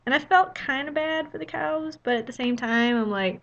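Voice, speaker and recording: A woman's voice: a little high, normal speed, hardly any pauses, fairly bright tone, lo-fi sound. A young woman telling a travel story in a casual vlog, chatty and full of "you know" fillers. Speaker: vlogger.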